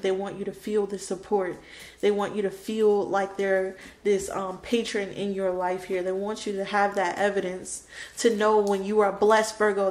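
Her voice medium in pitch with a darkish tone, a woman reads tarot cards aloud with drama and emotion, echoing her own phrases to stress them. Faint background noise sits under the roomy echo.

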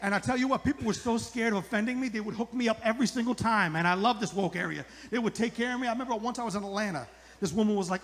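A man in his forties doing a live stand-up routine, acting out characters in high put-on voices. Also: very fast, big-room sound. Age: 40s. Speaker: stand-up comedian. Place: outdoor comedy club stage.

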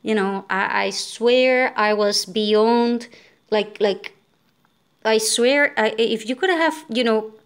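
A woman's voice: a little high, takes it slowly, smooth. Exhausted woman venting in a rambling rant. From Venezuela. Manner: frustrated, venting, many fillers and restarts. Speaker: vlogger. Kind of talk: casual storytelling rant.

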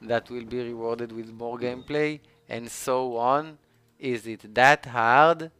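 A man with a non-native English accent streaming a game live, ranting and swearing excitedly as he plays. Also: mid-range voice, takes it slowly, clean tone, dry recording, faint music behind. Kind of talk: live gameplay commentary.

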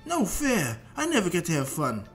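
A man's voice: high voice, huge pitch swings, moderate pace, a bit bright, faint music behind, voice pushed up, heavily acted. A man voicing an eager, whiny young boy fighter in a fan-made story narration.

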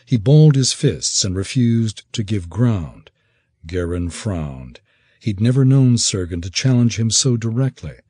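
A man reading an audiobook in expressive, measured scripted narration. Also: fairly low pitch, slightly rough, dry recording, studio quality.

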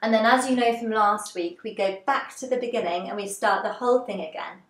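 A woman leading a gentle seated movement class, giving encouraging step-by-step cues. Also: fairly high pitch, a little fast. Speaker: dance and movement instructor. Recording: roomy, echoey room.

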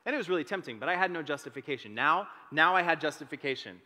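A young man telling his own story as a sermon, animated and self-deprecating. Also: on the high side, fast talker. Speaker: teaching pastor. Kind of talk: testimony sermon. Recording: long reverb of a large hall.

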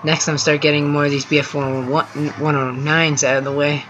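A gameplay host giving casual, excitable running commentary from home while chatting with a teammate. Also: mid-range voice, fast, dull audio, a little hiss or hum. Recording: game music clearly heard underneath. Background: music from the game.

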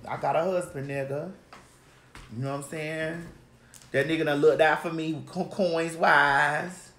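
A woman's voice: deep voice, fairly even intonation, measured pace, a bit bright, slight background noise. A woman hosting a casual chat, telling brash, profane, rambling stories. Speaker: host. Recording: roomy echo.

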